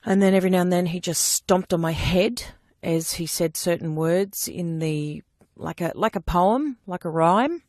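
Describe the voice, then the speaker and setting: A woman recounting personal testimony in a halting way, with frequent fillers and restarts. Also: lowish voice, darkish tone, no echo, clean studio sound. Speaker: abuse survivor giving testimony.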